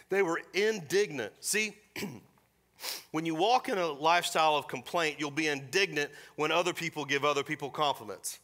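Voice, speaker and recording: A middle-aged man preaching a sermon as pastor, animated and mixing scripture with joking asides. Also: a little high. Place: church service.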